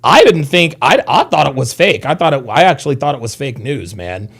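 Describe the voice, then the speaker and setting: A man's voice: mid-range voice, sing-song, brisk, a bit bright, breathy edge. A man in his thirties hosting a casual livestream, rambling and profane as he reads chat comments. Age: 30s. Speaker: livestream host.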